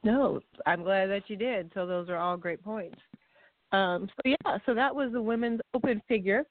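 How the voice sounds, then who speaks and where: A woman co-hosting a casual chat show, playful and quick to laugh. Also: mid-range voice, no echo. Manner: giggly, playful. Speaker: co-host. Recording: tinny phone-like line.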